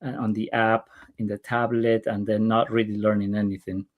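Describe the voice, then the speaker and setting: A man's voice: lowish voice, little pitch movement, moderate pace, narrow, tinny audio. Male guest from Peru, eager conversational tone, occasional stumbles. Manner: warm, enthusiastic, some stumbles. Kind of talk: casual conversation.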